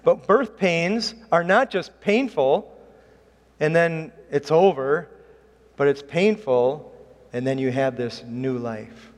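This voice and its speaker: A middle-aged pastor takes his sermon slowly, his voice a little high. He is earnest and emphatic, raising his voice on the key points, and the hall around him is reverberant.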